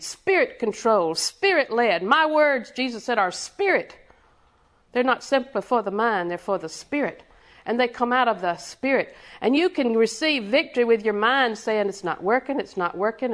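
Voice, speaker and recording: A woman's voice: fairly high pitch, animated, normal speed, a bit bright. A woman preaching a sermon with rhythmic repetition, quizzing her congregation and chuckling between points.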